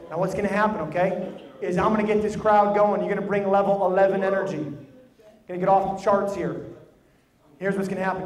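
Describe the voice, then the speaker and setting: A man leading a group exercise in a large room, giving emphatic, repeated directions to volunteers and the audience. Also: high-pitched. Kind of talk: live instruction to a group. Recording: echoey hall with crowd noise.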